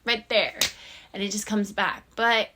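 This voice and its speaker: A woman's voice: medium pitch, fairly even intonation, unhurried, background noise. A woman talking to her viewers in a casual, encouraging motivational vlog, earnest and chatty. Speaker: YouTube vlogger.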